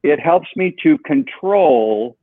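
A man's voice: fairly high pitch, slow, dry recording. Man telling a story over a tinny line. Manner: animated storyteller, acts out quoted dialogue. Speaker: guest, software co-founder. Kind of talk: storytelling interview.

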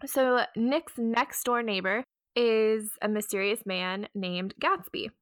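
A woman's voice: a little high, slow pace, no echo, studio quality. A young woman co-hosting a podcast, summarizing a novel's plot in a laid-back, joking way with many fillers. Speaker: podcast co-host.

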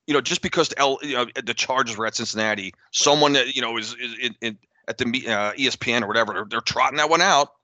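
A man's voice: medium pitch, fast, hardly any pauses, pushed and bright, no room sound. A man co-hosting a casual sports chat, emphatic and drawn out when he complains. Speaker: podcast co-host.

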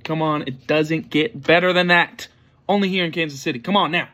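Excitable man hosting a podcast, slightly high voice. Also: fairly quick. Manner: excitable, hypes and pleads with listeners. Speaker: podcast host. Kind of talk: casual self-recorded intro. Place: home setup, planning board behind him.

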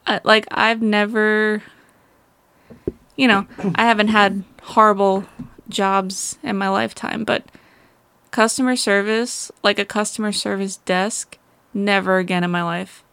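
A woman's voice: medium pitch, level tone, measured pace, a bit bright, smooth. A woman co-hosting a podcast in casual chat, blunt and frank, swearing freely as she complains. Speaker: podcast co-host.

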